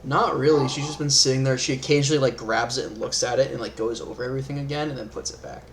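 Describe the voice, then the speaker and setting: A man's voice: mid-range voice, fairly even intonation, quick pace, a little hiss or hum. A man with a Northern Midwestern accent running a tabletop game, talking casually with lots of fillers and laughs. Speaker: game master.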